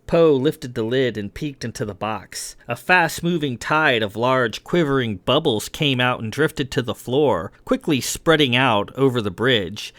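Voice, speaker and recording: A man narrating his own science fiction novel aloud in a steady, even storytelling voice. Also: medium pitch, a little slow, few pauses, no echo. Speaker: author and reader. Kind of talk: audiobook narration.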